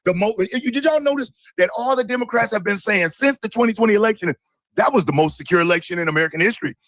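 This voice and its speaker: A man's voice: sits high, fast talker, a bit bright, no echo. A man from Michigan hosting a political commentary show, talking emphatically and indignantly. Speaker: host.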